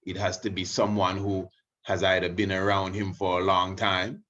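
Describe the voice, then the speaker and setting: A religious video host, this man teaches through a casual, rambling monologue packed with asides, you-knows, and restarts. His deep voice shows little pitch movement at a normal speed, with a bright, forceful tone. The audio is muffled and lo-fi.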